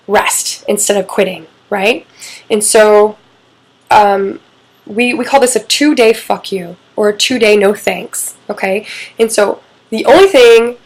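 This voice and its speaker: A woman's voice: mid-range voice, rough recording. A middle-aged woman coaching on relationships in a casual, candid talk, swearing freely and acting out quoted lines.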